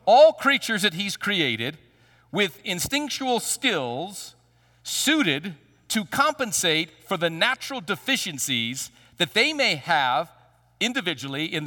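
A man preaching a sermon as pastor. He speaks emphatically, with dramatic pauses and large swings in pitch. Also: bright, forceful tone. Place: large church sanctuary. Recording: long hall reverb.

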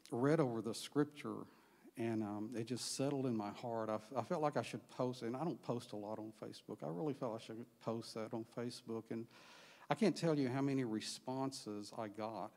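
A man in a church sanctuary gives a personal testimony and reads scripture aloud. He talks haltingly, with fillers and restarts, at a middling pitch. A long church reverb trails after his words. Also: a little mellow. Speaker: church member sharing a testimony.

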